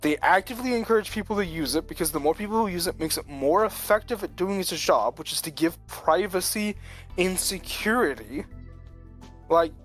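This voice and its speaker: A man's voice: high-pitched, lively intonation, moderate pace, fairly bright tone, faint music behind. A man telling a long story in casual chat, rambling with lots of filler words and frequent chuckles. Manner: rambling, full of "like", chuckles often.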